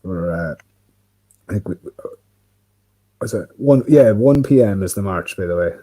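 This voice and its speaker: Deep, warm and animated, this man's voice keeps a measured pace despite the rough recording. He's hosting a livestream from Ireland, rambling casually to himself by a window indoors, heavy on fillers and swearing.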